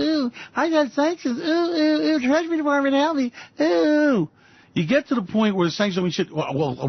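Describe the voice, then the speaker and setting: A man's voice: fairly high pitch, slightly rough, no echo. A man hosting a radio show, ranting about markets in a profane, sarcastic way. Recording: dull dry lo-fi recording.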